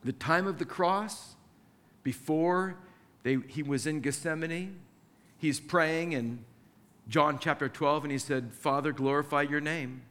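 A man's voice: a little high, slow, a bit bright, big-room sound. A male pastor delivering a sermon in a conversational way, acting out the scripture passages he quotes.

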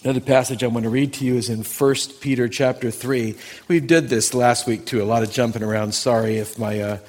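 A man, a pastor, preaching a Sunday morning sermon, talking to his congregation and slowing down to read scripture with emphasis. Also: on the low side, darkish tone. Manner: earnest, conversational preaching with slow emphatic scripture reading. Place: church sanctuary.

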